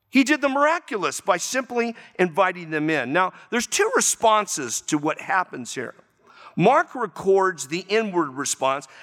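A man preaching a sermon as pastor, reading scripture slowly and then speeding up with lively emphasis. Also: sits high. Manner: varied pace, lively emphasis, slows for scripture. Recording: long reverb of a large hall.

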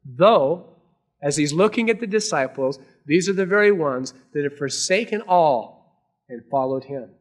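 A man preaching a sermon to a congregation, earnest, swinging between raised emphasis and hushed, quiet lines. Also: a little high, expressive, measured pace. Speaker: pastor.

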